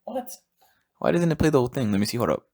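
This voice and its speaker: Gravelly, husky young man swearing casually. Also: medium pitch, wildly swooping pitch, fast, a little mellow. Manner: rambling, heavy swearing, laughs at own jokes. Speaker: podcast host. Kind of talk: casual solo podcast monologue.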